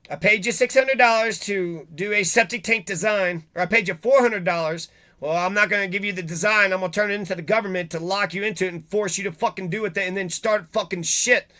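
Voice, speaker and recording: A man's voice: high-pitched, brisk, pushed and bright. A man giving a heated, profane monologue, moving between reading quotes and angry rants.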